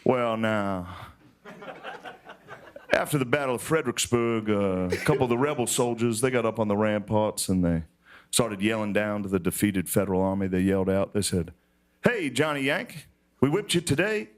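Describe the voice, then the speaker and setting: A man's voice: low voice, animated, normal speed, voice pushed down. A man doing a folksy old Southern historian.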